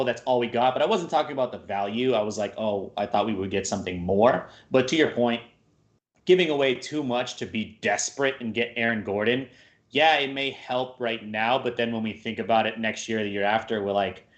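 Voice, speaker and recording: A man's voice: medium pitch, fairly quick, a bit bright. A man co-hosting a casual sports talk show, speaking in a loose, slangy way full of "dude" and "like". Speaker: sports podcast co-host.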